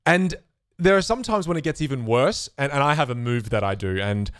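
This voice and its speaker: Animated chatty man with a dry close sound. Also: mid-range voice, fairly quick, clear, resonant tone, no room sound. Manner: chatty, animated, acts out voices of spectators and hecklers. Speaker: magic instructor answering viewer questions. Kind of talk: casual live stream Q&A.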